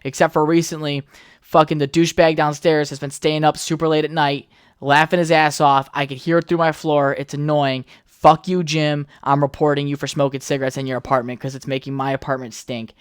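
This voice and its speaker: A young adult podcast host tells a loose, meandering story on their own, cursing freely and drifting into side remarks. The voice sits at a mid pitch and is recorded close and dry, with no room sound around it. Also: level tone, a little fast, clear, resonant tone, no echo. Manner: rambling, heavy swearing, chatty asides. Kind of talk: casual solo podcast storytelling.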